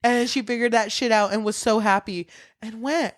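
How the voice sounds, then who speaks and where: A young woman co-hosting a casual book podcast, animated and laughing often as she retells scenes. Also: on the high side, a little fast. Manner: animated, laughs often, acts out characters' lines. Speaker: podcast co-host.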